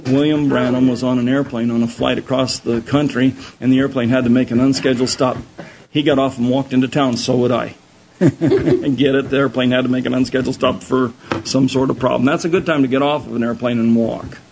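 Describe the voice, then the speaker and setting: A man preaching a sermon, telling Bible stories in an animated way and often repeating his words. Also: mid-range voice, brisk, vocal fry, background noise.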